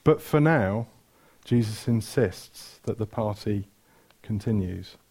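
A man's voice: fairly low pitch, animated, slow, darkish tone, slightly rough. A man preaching a sermon, retelling stories with energy, asking the room questions and correcting himself mid-flow.

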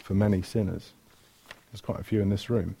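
A man's voice: on the low side, steady tone, fairly quick, vocal fry, dark tone, breathy edge. A man preaching a sermon, retelling stories with energy, asking the room questions and correcting himself mid-flow.

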